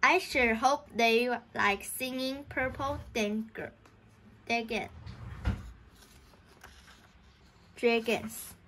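A woman's voice: on the high side, takes it slowly, noisy background. A woman reading a children's book aloud, voicing a mischievous, scheming schoolboy in an eager way. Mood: cheerful.

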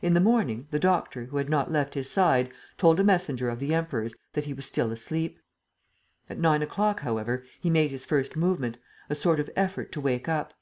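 A woman narrating a classic detective novel as an audiobook, steady and unhurried. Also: deep voice. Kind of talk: scripted narration.

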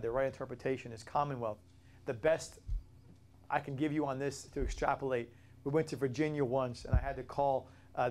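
An expressive man from Florida leads a casual Bible study. He talks in a relaxed, conversational way, jumps up in pitch for emphasis and tosses out rhetorical questions. He often stumbles over and repeats words as he thinks aloud. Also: slight background noise. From Florida, USA. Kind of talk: informal Bible study teaching.

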